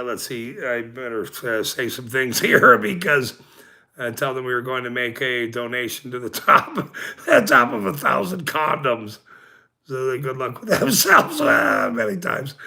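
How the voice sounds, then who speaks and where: A man's voice: medium pitch, gravelly, sharp tone. A man ranting with heavy swearing and then chatting casually, laughing often and rambling as he talks to his viewers.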